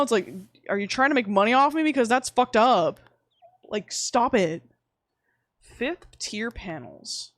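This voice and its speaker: A young woman livestreaming, chatting casually while she plays, rambling and swearing with sudden animated outbursts. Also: a little high, measured pace, dry recording, studio quality. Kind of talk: casual chat while gaming.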